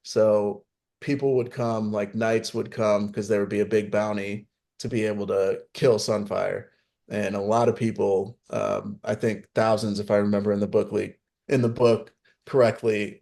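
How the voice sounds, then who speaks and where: A man's voice: fairly low pitch, little pitch movement, moderate pace, creaky, a little mellow. Opinionated male podcast co-host. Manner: opinionated, explains book lore with fillers. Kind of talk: casual chat.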